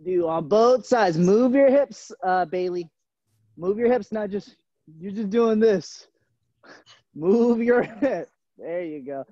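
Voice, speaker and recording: A man's voice: high voice, expressive, takes it slowly, dark tone, no echo, muffled recording. A man coaching a live online gymnastics class, encouraging the kids and calling them by nickname. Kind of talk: live virtual fitness class. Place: gym. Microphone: camera mic on a video call.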